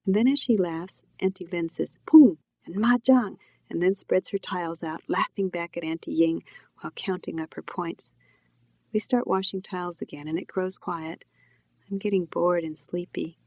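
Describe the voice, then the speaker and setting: A woman, the author, reading her own novel aloud in a quiet, reflective first-person telling. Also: on the low side, steady tone, normal speed, no room sound. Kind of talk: audiobook narration.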